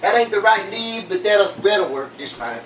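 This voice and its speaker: High-voiced joking man in echoey kitchen. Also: very animated, moderate pace, background noise. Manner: rambling and jokey, with many fillers and asides. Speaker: cooking show host. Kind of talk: casual comedic cooking demo. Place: home kitchen. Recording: echoey kitchen, far from mic, clattering pans. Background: clinking dishes, pots and cutlery.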